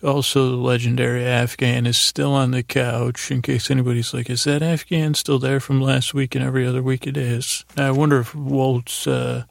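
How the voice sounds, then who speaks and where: A man's voice: mid-range voice, vocal fry, no room sound, clean studio sound. A man hosting a sleep podcast, loosely retelling TV scenes in a meandering bedtime ramble.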